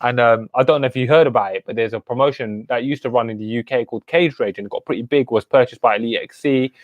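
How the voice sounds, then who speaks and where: A man's voice: mid-range voice, fast talker, no echo, highs cut off. Chatty man hosting a live stream. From United Kingdom. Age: 20s. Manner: chatty, greets viewers by name with street slang. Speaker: host.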